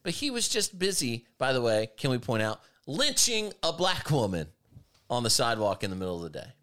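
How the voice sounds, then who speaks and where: Very animated, a male talk show host offers emphatic, opinionated commentary that argues its points, alternating rushed bursts with drawn-out phrasing. His voice is medium-pitched and a bit bright.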